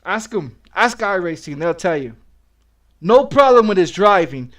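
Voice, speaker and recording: A man's voice: high-pitched, sing-song, measured pace, a bit bright. A middle-aged man streaming games, ranting angrily and repeating himself, full of profanity. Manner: profane, aggressive, repetitive ranting. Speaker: game streamer. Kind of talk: angry streaming rant.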